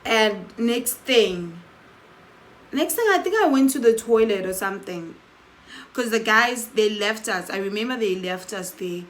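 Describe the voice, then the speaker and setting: A storytelling vlogger shares a casual story-time tale in a mid-range voice, unhurried and animated, acting out what people said with lines like "I'm like." The recording is rough.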